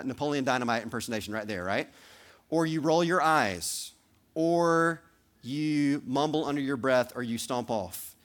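Addressing the children in his congregation directly, a pastor preaches a sermon and acts out little role-plays. His voice is medium in pitch and a bit bright.

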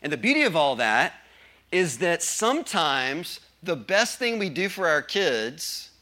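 A man's voice: a little high, big pitch swings, measured pace, bright, forceful tone. A male pastor preaching a sermon with emphasis, often asking the congregation questions.

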